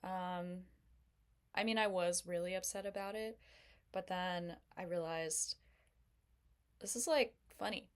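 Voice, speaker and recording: A woman's voice: lowish voice, steady tone, a little slow, long pauses. A young woman doing a self-deprecating stand-up comedy set, chatty and full of fillers. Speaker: stand-up comic.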